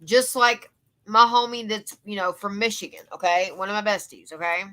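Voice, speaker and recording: A woman with a Louisiana Southern accent delivers an emphatic, profane commentary rant. Her voice has a bright, forward edge, and her pitch sits in a middle range for a woman. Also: moderate pace. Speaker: commentary YouTuber.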